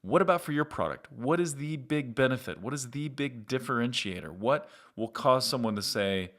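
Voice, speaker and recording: Middle-aged male host, upbeat conversational tutorial delivery, mid-pitched voice. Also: lively intonation, normal speed, few pauses, fairly bright tone. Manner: upbeat, conversational, direct to viewer. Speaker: marketing agency host. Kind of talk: explanatory marketing tutorial.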